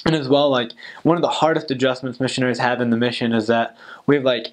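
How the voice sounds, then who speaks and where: Young man, casual advice talk, rambling, filler-heavy, mid-pitched voice. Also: level tone, fast. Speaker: returned missionary.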